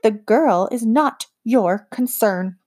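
A commanding witch queen of the deep dark, put on by a woman reading aloud speaks with icy, imperious scorn. Her words come slow and measured, and her warnings cut. It is a storybook villain voice. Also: soft background music. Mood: cold.

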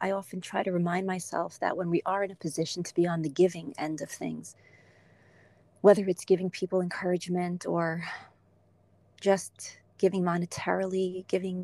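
A woman hosting a podcast, talking in an earnest, gentle and encouraging way in a heartfelt interview. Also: fairly low pitch, creaky. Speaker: podcast host.

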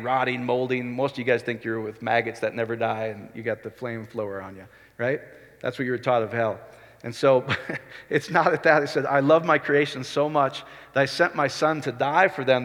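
A male pastor preaching a sermon in a conversational way, often rising to excited emphasis. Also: medium pitch, long reverb tail.

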